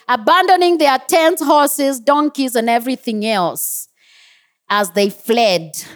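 A woman preaching a sermon in a church, animated, who laughs at her own slips and cries out with joy. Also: extremely high pitch.

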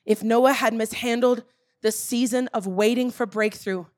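A woman's voice: a little high, steady tone, normal speed, a little mellow. A woman preaching a sermon, emphatic and calling out to the congregation as church.

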